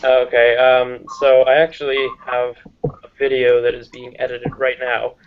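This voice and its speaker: A man's voice: mid-range voice, little pitch movement, unhurried, clean tone. Man, guest, hesitant, dry jokes, casual chat, dull lo-fi sound.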